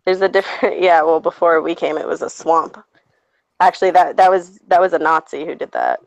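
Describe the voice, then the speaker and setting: A woman's voice: lowish voice, very animated, a little fast, vocal fry, dry recording, muffled recording. A woman from Long Island with a Long Island accent, chatting and laughing on a casual podcast. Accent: Long Island New York. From Long Island, New York. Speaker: podcast co-host. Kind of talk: casual banter.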